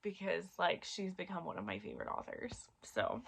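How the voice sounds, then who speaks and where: Chatty lady talking books, kinda gravelly voice, lots of um and like. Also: lowish voice, wildly swooping pitch, normal speed. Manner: chatty, many fillers, gets emotional. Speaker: book reviewer. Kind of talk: casual book review chat.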